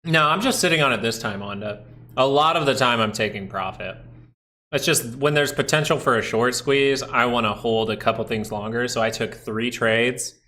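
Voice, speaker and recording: A man's voice: medium pitch, normal speed, pushed and bright. A man hosting a live stock market stream from home, talking casually through charts, thinking aloud and answering viewers. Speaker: stock market livestream host.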